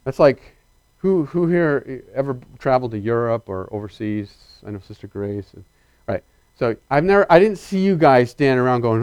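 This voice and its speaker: A male preacher delivering a sermon, animated and emphatic, questioning his congregation directly and swinging between loud excitement and quiet earnestness. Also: on the high side, moderate pace, clear, resonant tone, dry recording.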